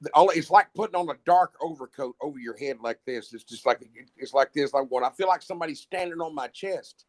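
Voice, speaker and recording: A man's voice: on the high side, fairly quick, few pauses. A middle-aged man, a musician guest, telling long rambling stories in casual chat, with frequent restarts and swearing. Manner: rambling, profane, many restarts. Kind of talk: casual storytelling.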